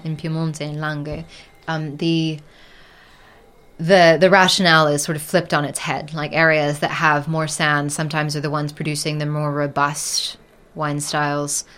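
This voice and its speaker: Low-voiced woman explaining patiently. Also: a bit bright, clean tone. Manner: explanatory, thoughtful, often pausing with ums. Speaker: wine expert guest. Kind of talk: casual conversational interview.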